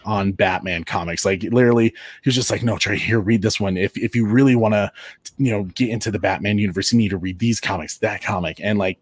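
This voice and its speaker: A man's voice: fairly low pitch, a little mellow, no echo. A man hosting a casual live chat show, rambling through tangents and laughing often. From Colorado, United States. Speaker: show host.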